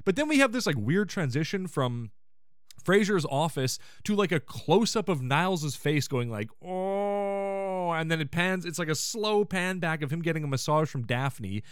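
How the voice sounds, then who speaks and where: A man hosting a podcast, recapping a sitcom episode in casual chat and quoting the characters in quick put-on voices. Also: fairly high pitch, very animated, clear, resonant tone, no echo, clean studio sound. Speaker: podcast host.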